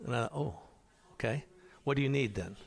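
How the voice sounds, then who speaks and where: Speaking at normal speed in a creaky, medium-pitched voice, this male hospital chaplain leads an adult Bible class. He wanders casually off topic, often restarting sentences and using fillers.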